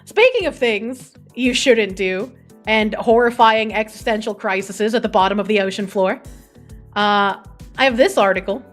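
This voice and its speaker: A woman's voice: medium pitch, moderate pace. A young adult woman streaming, chatting casually, reading an article aloud and swearing freely as she reacts to chat. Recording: faint music behind.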